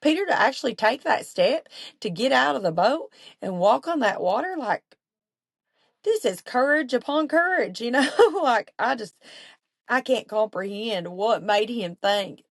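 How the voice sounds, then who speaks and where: A woman's voice: on the high side, expressive, measured pace, no echo. Earnest chatty woman teaching the Bible. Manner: chatty and earnest, with many fillers and asides. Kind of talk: casual Bible study talk.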